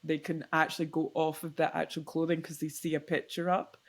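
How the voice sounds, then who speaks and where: A woman co-hosting a podcast in casual industry chat, animated and full of restarts and asides. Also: low voice, fairly quick. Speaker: podcast co-host.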